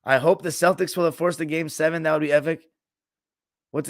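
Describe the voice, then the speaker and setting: A man's voice: on the high side, a little fast, dry recording, studio quality. A man hosting a sports podcast, chatting loosely and joking with his live chat, swearing freely and now and then mimicking coaches. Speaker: podcast host. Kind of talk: casual sports talk, reading live chat.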